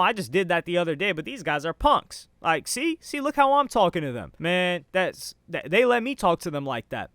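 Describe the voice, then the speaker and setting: A man hosting a casual commentary monologue, talking in loose, joking slang with lively swings in pitch. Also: no echo. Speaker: commentary channel host.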